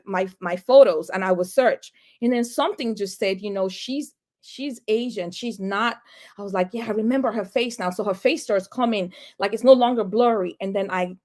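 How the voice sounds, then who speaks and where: A woman real estate agent, a guest, retelling her story with lots of quoted dialogue and big swings in her voice. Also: medium pitch. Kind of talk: animated storytelling.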